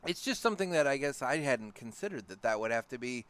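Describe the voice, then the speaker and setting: A man co-hosting a podcast, talking in a relaxed, rambling way while he asks questions and reviews a cigar. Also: medium pitch, fast, crowd noise. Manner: relaxed, rambling, with filler and restarts. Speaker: podcast co-host. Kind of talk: casual podcast chat. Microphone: studio podcast mic.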